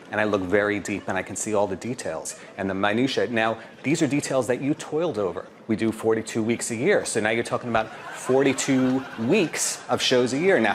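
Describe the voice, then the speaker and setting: A man speaking in a measured, pedantic, formal way, deadpan in casual on-camera chat. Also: medium pitch, a little hiss or hum. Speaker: comedy show staff member.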